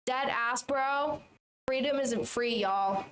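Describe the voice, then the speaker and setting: A woman's voice: sits high, takes it slowly, fairly bright tone, a little hiss or hum. Brash mock American patriot, put on by a woman. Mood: mock patriotic.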